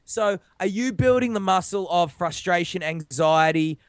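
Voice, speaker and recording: Australian man, high pitched, sick, slangy, casual podcast chat, dry close sound. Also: animated, normal speed, no echo. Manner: laid-back, jokey, slangy, swears. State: sick, voice a bit rough. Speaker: podcast co-host.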